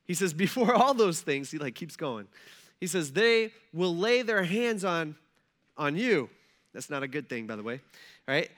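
Animated young man preaching casually. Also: fairly high pitch, unhurried. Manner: animated, acts out quotes, frequent "right?" and "like". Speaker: pastor. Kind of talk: casual conversational sermon.

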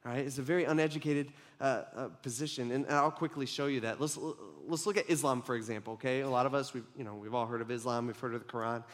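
A man's voice: medium pitch, steady tone, fast, few pauses. A young adult man preaching a casual, conversational sermon, tossing in "like" and "right?" as he talks to a congregation.

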